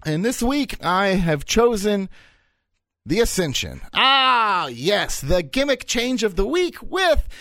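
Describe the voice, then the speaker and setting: A man in his thirties hosting a solo podcast, talking in an animated, rambling way and repeating his points for effect. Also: sits high, takes it slowly, dry recording. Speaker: podcast host.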